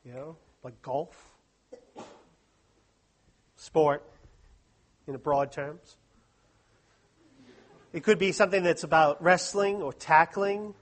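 A man's voice: on the high side, slow, pauses often. A man giving a humorous, self-deprecating talk to a live audience at a Christian study week. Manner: joking, self-deprecating, chatty asides.

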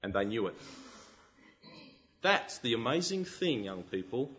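A man preaching a sermon, animated and full of rhetorical questions. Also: medium pitch, measured pace, muffled recording.

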